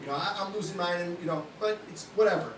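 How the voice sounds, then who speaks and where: Here a stand-up comic in his late thirties, with a high-sitting voice and quick delivery, roasts himself in blunt, crude terms from a club stage. The recording has heavy background noise, room echo, and a distant mic.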